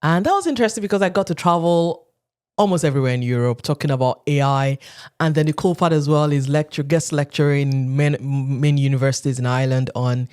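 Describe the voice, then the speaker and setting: A woman from Nigeria in her thirties, telling stories as a podcast guest and acting out quotes in animated voices. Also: low-pitched, quick pace, smooth. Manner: animated storyteller who acts out quotes, often laughing. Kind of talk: casual interview talk.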